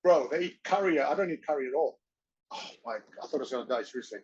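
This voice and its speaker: Animated man telling stories. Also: mid-range voice, quick pace, slight background noise. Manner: animated, acts out others' voices in his anecdotes. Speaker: interview guest, actor and wrestler. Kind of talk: casual storytelling chat. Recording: dull, muffled audio.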